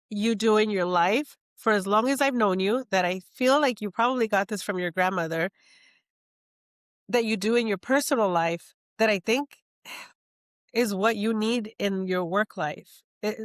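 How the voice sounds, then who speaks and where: A woman's voice: medium pitch, normal speed, dry recording, clean studio sound. A woman hosting a podcast, talking casually and reflectively about her friend and guest, often laughing. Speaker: podcast host. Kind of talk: casual interview conversation.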